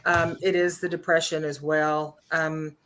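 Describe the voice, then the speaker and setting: A woman co-hosting a talk show, speaking earnestly and thoughtfully with many pauses and fillers. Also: low-pitched, little pitch movement, fairly bright tone. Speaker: co-host. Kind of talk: casual talk show chat.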